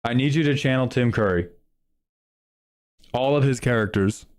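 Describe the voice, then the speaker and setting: A man streaming live in casual chat, joking loosely with some swearing and excitable bursts. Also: mid-range voice, moderate pace, clear, resonant tone.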